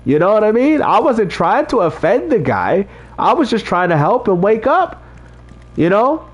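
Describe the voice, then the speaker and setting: A man's voice: high voice, very animated, moderate pace. A man hosting a casual livestream, talking straight to his chat and preaching about faith, often repeating himself. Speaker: livestream host reading chat.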